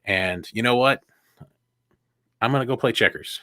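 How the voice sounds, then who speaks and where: This man co-hosts a podcast in a loose, joking way, cursing freely and breaking into laughs. His voice is bright and clear. He sits on a dry, close mic with no room sound. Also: medium pitch, moderate pace, no echo. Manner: joking, profane, laughs often. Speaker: podcast co-host. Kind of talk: casual chat.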